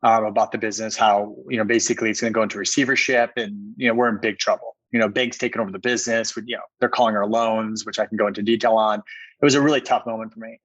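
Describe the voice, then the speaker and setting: A man's voice: on the low side, steady tone, fast, a bit bright. Earnest storytelling man, slightly dull audio. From Minneapolis, USA. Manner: earnest, repetitive restarts, emphatic. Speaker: podcast guest, entrepreneur. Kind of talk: personal storytelling interview.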